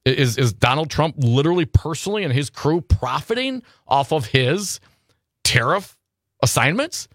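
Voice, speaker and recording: A male talk radio host with a lively, swooping delivery and a slightly high voice. He fires off rhetorical questions and repeats himself as he builds a point. The studio sound is dry and close. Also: normal speed, dry recording. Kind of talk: casual political talk radio.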